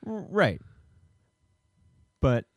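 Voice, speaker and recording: A man's voice: a little high, big pitch swings, extremely slow, no room sound. A man co-hosting a casual film podcast, retelling the plot in a rambling way with many fillers. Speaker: podcast co-host.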